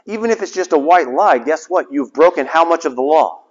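In a rather high, expressive voice at a slightly fast pace, a man preaches, using rhetorical questions and repetition for emphasis. The recording is dull and lo-fi with long reverb.

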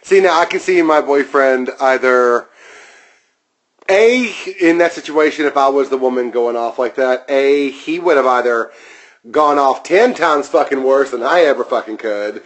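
A man's voice: medium pitch, measured pace. A man co-hosting a podcast in casual, crude chat, swearing constantly and sounding sarcastic. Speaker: podcast co-host.

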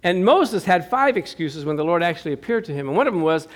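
Animated high-voiced pastor preaching. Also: male voice, fast. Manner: animated, jokey, acts out quoted voices. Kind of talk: sermon. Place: church.

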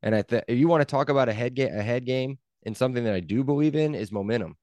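A man co-hosting a sports podcast, pressing his point again and again in loose, casual chat. His voice sits mid-pitch and the sound is dry and close, with no room around it. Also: quick pace, a little mellow, no echo. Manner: emphatic, repeats himself, argues points. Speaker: podcast co-host.

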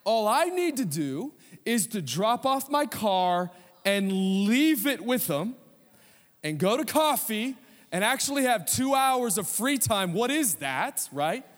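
A man's voice: sits high, fairly bright tone, big-room sound. A man preaching a sermon as pastor, telling a humorous story with conversational asides.

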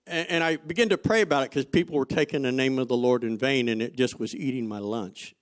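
A man preaching a sermon, asking the congregation rhetorical questions and telling stories from his own life, going from loud emphasis to quiet asides. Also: medium pitch, quick pace. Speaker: pastor.

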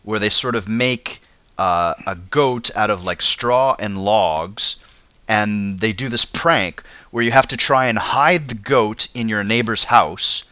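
A man's voice: on the low side, slow, bright, forceful tone, a little hiss or hum. A man hosting a casual comedy podcast, chatty, often stammering and laughing as he explains. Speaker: podcast host.

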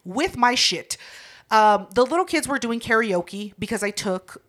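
A woman co-hosting a casual chat, telling profane, animated stories and breaking into loud laughs. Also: on the high side, unhurried.

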